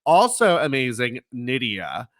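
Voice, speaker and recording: A young man co-hosting a podcast, telling stories in a lively, animated way, laughing often and acting out quotes in a high voice. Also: a little slow, dry recording. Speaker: podcast co-host. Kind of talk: casual chat.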